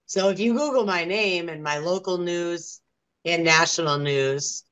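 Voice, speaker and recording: Young woman, interviewee, low register, aggrieved and earnest. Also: measured pace, fairly bright tone, smooth, rough recording. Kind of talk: casual interview.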